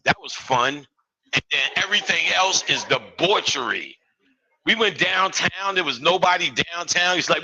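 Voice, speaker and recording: A man's voice: a little high, lively intonation, normal speed, pushed and bright, breathy edge, rough recording. A man giving a live lecture, profane and streetwise, full of joking asides.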